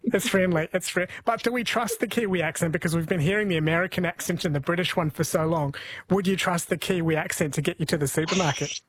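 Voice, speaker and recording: A man's voice: high-pitched, fast talker, fairly bright tone, no echo. A man hosting a radio show, asking playful questions in a casual interview. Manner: playful, inquisitive. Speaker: radio host.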